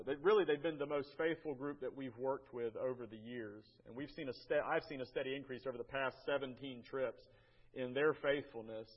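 Halting folksy American man, lo-fi. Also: medium pitch. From United States. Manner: folksy, halting, repeats words often. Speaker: church mission trip presenter. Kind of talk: slideshow talk to a church group.

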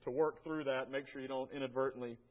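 An American man giving a church slideshow talk about a mission trip, folksy and halting, often repeating his words. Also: medium pitch, fairly even intonation, narrow, tinny audio. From United States.

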